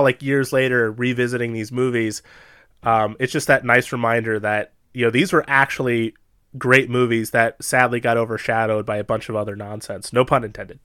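A man co-hosting a podcast about movies, talking in a rambling, casual way and laughing loudly at jokes. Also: mid-range voice, smooth, dry recording, studio quality. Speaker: podcast co-host. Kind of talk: casual chat.

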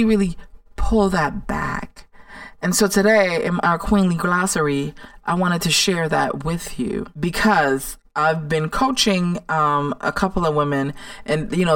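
A woman's voice: sits low, no echo, far from the mic. A woman hosting a motivational podcast in a sassy, emphatic way, repeating words for stress. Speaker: podcast host and life coach. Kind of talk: casual motivational monologue.

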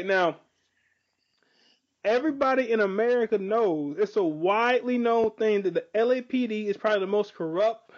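A man's voice: high voice, highs cut off. A man in a casual chat, rambling in profane slang with lots of fillers.

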